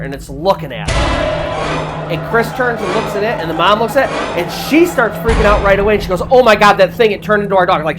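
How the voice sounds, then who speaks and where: A woman narrating a true paranormal story in a casual, chatty way, with many fillers like "like". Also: on the low side. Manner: chatty retelling with frequent "like" fillers. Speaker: storyteller host.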